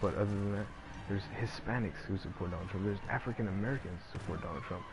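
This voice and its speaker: A man with a fairly low voice rants casually over his gameplay. He rambles and swears, stacking one filler word on another. There is constant noise in the background. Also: fast. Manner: profane, rambling, heavy on filler words. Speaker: gameplay commentator. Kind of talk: casual ranting chat. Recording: noisy background.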